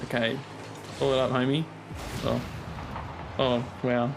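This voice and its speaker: A man giving excited, joking commentary while playing a game with a friend, throwing in mock-British slang. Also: mid-range voice, slow pace, creaky, noisy background. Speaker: gamer streaming with a friend.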